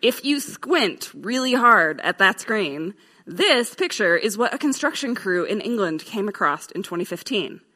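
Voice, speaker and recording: Lively woman teaching a class. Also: mid-range voice, measured pace. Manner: lively, playful, laughs at her own drawings. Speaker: Bible teaching instructor. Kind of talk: classroom lecture. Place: in front of a live class.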